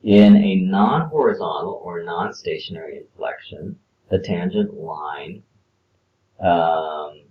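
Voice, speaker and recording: A math teacher works through a worksheet in a casual screencast, explaining step by step with filler words. He has a deep voice and speaks slowly, and the sound is lo-fi.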